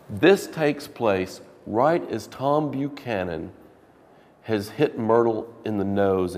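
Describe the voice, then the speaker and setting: A man's voice: on the low side, a little mellow, in a large hall. A man teaching a literature class, lecturing casually and reading passages aloud with dramatic emphasis.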